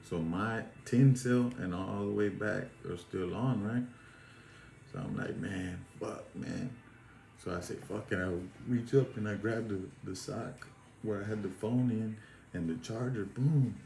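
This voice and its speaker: A man's voice: lowish voice, a little slow, creaky, warm tone. A man telling a rambling prison story in casual, profane street slang. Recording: echoey room with faint noise.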